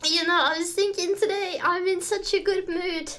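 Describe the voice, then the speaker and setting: A woman streamer chatting casually on a live stream, giggly and excitable, often repeating her greetings. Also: very high-pitched, normal speed, faint music behind.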